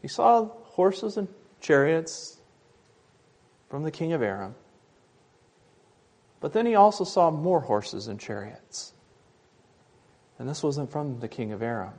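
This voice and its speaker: A man preaches a sermon in a voice pitched a little high for a man. He tells the story with rising volume in the dramatic parts and drops to a low, quiet delivery when he reflects. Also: sing-song, slow pace, long pauses. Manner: shifts between loud emphatic storytelling and quiet, soft reflection. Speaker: pastor.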